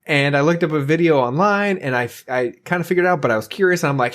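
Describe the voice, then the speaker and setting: A man's voice: fairly high pitch, quick pace, hardly any pauses. A man hosting a casual podcast chat, rambling with lots of fillers, laughing often and swearing as he tells stories. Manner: profane, animated storytelling. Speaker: podcast host.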